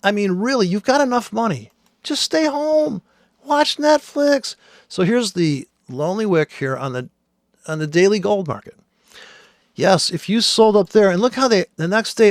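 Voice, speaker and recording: A man's voice: high voice, sing-song, unhurried, vocal fry, no room sound, clean studio sound. A man who trades, walking through charts on screen in blunt, profane, exasperated commentary.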